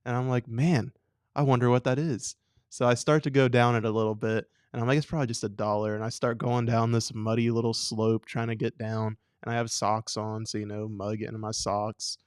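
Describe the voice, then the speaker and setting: A young man co-hosting a talk show, animated and playful, acting out voices as he tells a story. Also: mid-range voice, a little fast, clean tone, dry recording, clean studio sound. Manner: acts out voices, laughs often. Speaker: radio show co-host. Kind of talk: casual chat, animated storytelling.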